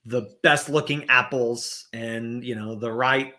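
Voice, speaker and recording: A man's voice: mid-range voice, fairly even intonation, slow, bright, forceful tone. A man as a podcast guest in casual conversation, thinking aloud with many fillers and restarts, over a video call.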